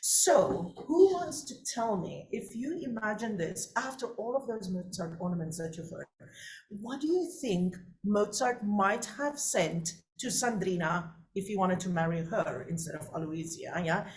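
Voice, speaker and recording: A woman coaching singers in a masterclass, lively and chatty with quick asides to her students. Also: medium pitch, slight background noise. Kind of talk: masterclass teaching.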